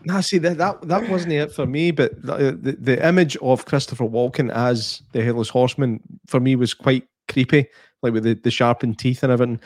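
A young man trades deadpan jokes in casual conversation, swearing freely. His voice is mid-pitched, and the recording is close and dry with no room echo. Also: a little fast. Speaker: podcast co-host. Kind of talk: casual chat.

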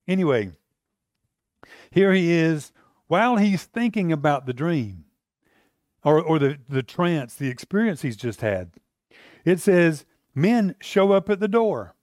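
A pastor preaching a sermon in a loose, conversational way, often restarting and acting out the people in the story. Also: male voice, high voice, expressive, unhurried, no room sound, clean studio sound.

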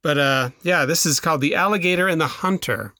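A man with a slightly high, sharp-toned voice speaks briskly in a dry, studio-quality recording. As a podcast co-host in casual chat, he retells a folktale in a rambling way, full of restarts, filler, and laughter.

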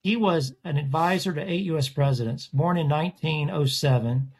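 In a laid-back interview, a portrait artist rambles through his tales, often restarting and self-correcting. He speaks at a moderate pace with a slightly high voice.

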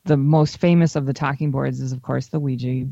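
A woman's voice: rumbling low, fairly even intonation, a little fast, gravelly, dark tone, no echo. A woman co-hosting a casual podcast, rambling with many restarts as she chats. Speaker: podcast co-host. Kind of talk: casual chat. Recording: dull lo-fi sound.

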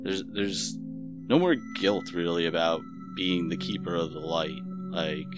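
A man's voice: deep voice, unhurried, music in the background. A man taking part in a tabletop game, thinking aloud in a reflective, casual way. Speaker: player.

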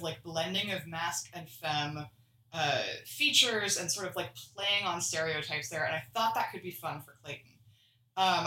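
A woman's voice: fairly low pitch, sharp tone, distant mic. Woman off mic in an echoey room. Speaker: podcast co-host. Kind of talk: casual chat.

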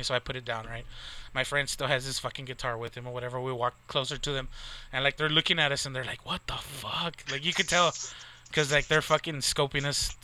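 Texas guy rambling through a story, swears a lot, super bright crisp voice. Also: medium pitch. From Texas, near the Mexican border. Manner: profane, rambling, lots of "like" and "right?". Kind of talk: casual storytelling.

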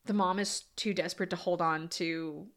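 A woman co-hosting a casual movie podcast, animated and quick to laugh as she acts out scenes. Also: fairly low pitch. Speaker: podcast co-host.

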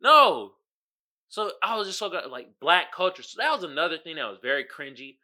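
Young man, podcast host, exasperated slangy rant, very bright forceful voice. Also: fairly high pitch, fast talker. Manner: animated, exasperated, slangy with mocking put-on quotes. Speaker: podcast host reviewing a movie. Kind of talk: casual rant.

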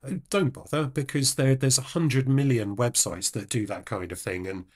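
A man's voice: medium pitch, steady tone, moderate pace. A man co-hosting a music podcast, talking in a rambling, hesitant way with many restarts. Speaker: podcast co-host. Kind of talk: casual podcast chat.

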